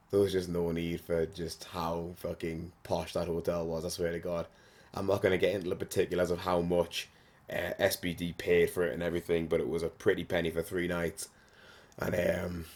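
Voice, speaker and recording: Deep-voiced sweary man. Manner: blunt and sweary, frequent fillers. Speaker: podcast host. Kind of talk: casual monologue.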